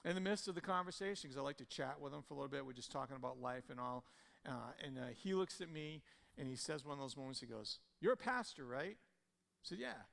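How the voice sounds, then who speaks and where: A male pastor preaching a sermon, swinging between loud emphatic peaks and soft conversational storytelling. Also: medium pitch, fast, vocal fry. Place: church sanctuary. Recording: church hall reverb with soft guitar.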